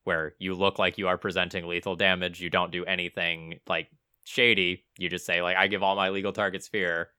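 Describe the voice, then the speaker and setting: A man's voice: low voice, little pitch movement, brisk, bright, forceful tone, clear, resonant tone, no room sound, clean studio sound. A man co-hosting a podcast, chiming in with eager, chatty asides to the audience. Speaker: podcast co-host. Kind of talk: casual chat.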